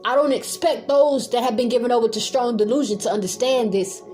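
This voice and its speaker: A woman Bible teacher, preaching a fiery home sermon that moves from calm talk to yelling with zeal. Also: a little high, brisk, faint music behind. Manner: zealous, swings from calm to yelling.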